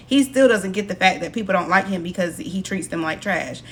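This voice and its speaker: A woman's voice: lowish voice, animated, brisk, hardly any pauses, a bit bright, slight background noise. A woman casually retelling a film's plot in a chatty way, quoting the characters in her own voice. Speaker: film recap narrator.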